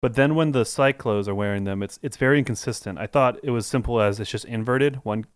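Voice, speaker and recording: A man's voice: medium pitch, brisk, clear, resonant tone, no echo, studio quality. A man co-hosting a casual podcast chat, talking in a rambling way with lots of "like"s and restarts. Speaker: podcast co-host.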